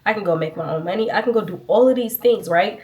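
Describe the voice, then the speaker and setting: A woman's voice: mid-range voice, fast talker, a little mellow. A woman giving a casual, earnest faith testimony to her viewers, sniffling a little as she talks. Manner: earnest, chatty, addresses viewers as y'all. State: sniffling, itchy nose. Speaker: vlogger.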